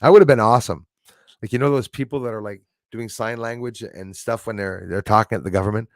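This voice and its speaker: A man's voice: fairly low pitch, fairly even intonation, fast talker, no echo, studio quality. A man in his forties hosting a live stream, chatting loosely and chuckling often as he answers viewer comments. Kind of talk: casual chat reading viewer comments.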